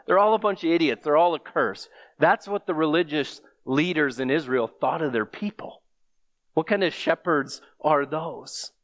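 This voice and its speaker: A man's voice: fairly high pitch, a bit bright. A man preaching a sermon, reading scripture aloud and pressing the listeners with rhetorical questions. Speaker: pastor.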